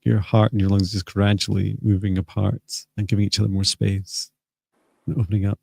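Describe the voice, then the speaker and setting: A man hosting a live psychic healing session, speaking softly and hesitantly with many pauses. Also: lowish voice, flat delivery, creaky, husky, dry recording. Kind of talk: slow, gentle guided healing talk.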